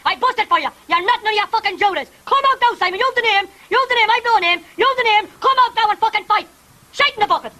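A man's voice: extremely high pitch, expressive, fast talker, pushed and bright, rough recording. An Irish man issuing a taunting, aggressive recorded fight challenge, hurling insults. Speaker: bare-knuckle fight challenger.

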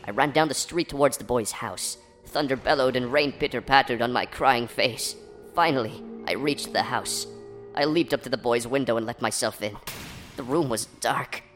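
A man narrating an absurd horror story parody in a deadpan storytelling manner. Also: medium pitch, normal speed. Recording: faint background music.

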